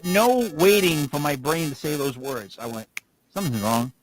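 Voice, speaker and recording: A man's voice: fairly high pitch, normal speed, a little hiss or hum, poor audio. A man co-hosting a podcast, rambling through casual stories and laughing as he talks. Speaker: podcast co-host.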